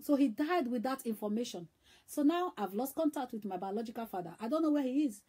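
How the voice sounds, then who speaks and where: A woman's voice: a little high, lively intonation, fast, dark tone, husky. A middle-aged woman with a Nigerian accent preaching an emotional sermon, fervent and exhorting, repeating phrases for emphasis. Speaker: evangelist preacher.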